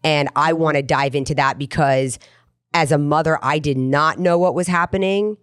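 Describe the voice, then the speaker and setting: A woman's voice: low voice, moderate pace, clean tone, no echo, studio quality. A middle-aged woman hosting a podcast, telling a personal story in an earnest, rambling way. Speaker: podcast host. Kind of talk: casual podcast chat.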